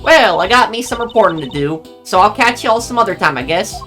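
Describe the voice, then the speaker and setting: A man's voice: high-pitched, animated, fairly quick, sharp tone, soft background music. A man voicing a brash Southern woman newspaper reporter, with a put-on American Southern accent and folksy slang. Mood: teasing.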